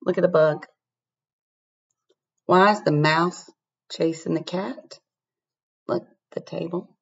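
A woman reading a picture book aloud to children in an animated way, inviting them to spot things, recorded on a laptop webcam. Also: fairly low pitch, takes it slowly, gravelly, slightly rough, highs cut off. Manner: animated, asks the listener to find things. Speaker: storybook reader.

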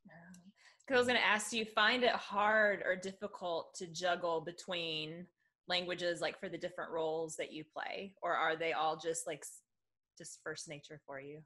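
A woman from the southern United States hosts a casual podcast interview, tossing out questions with lots of "like" and little laughs. Her voice is fairly low yet bright and forceful. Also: fairly even intonation. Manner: chatty, with lots of "like" and quick laughs. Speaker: podcast host.

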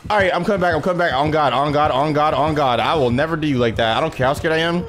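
A man's voice: a little high, fast. A young man doing nervous let's-play commentary, swinging between muttered self-talk and shrieks and cursing a lot. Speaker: gaming YouTuber. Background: game music.

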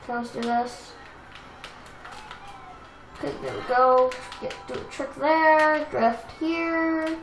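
A young woman casually commenting on a racing game she plays, chatty and self-deprecating, with excitable outbursts. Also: sits high, a little slow, creaky, pauses often. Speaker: let's play gamer. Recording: echoey room with game music.

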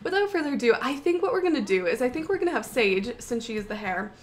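A young woman giving excitable, panicky gameplay commentary, full of gasps and exclamations. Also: fairly high pitch, fast. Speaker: gaming YouTuber.

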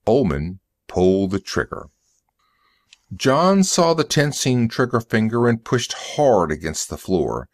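Male narrator, slow, expressive pitch, dry close recording. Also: no echo. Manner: slow, deliberate reading. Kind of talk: scripted story narration for English learners.

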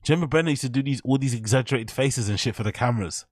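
A man's voice: medium pitch, very fast, no room sound, clean studio sound. A man hosting casual reaction commentary, mocking and profane as he rambles over clips. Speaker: commentary channel host.

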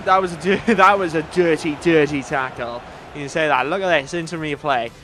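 A man's voice: on the high side, a little fast, over music. A young man commentating on his own football video game, upbeat and talking straight to his viewers. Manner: excitable, upbeat, talks to viewers. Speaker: gaming video host.

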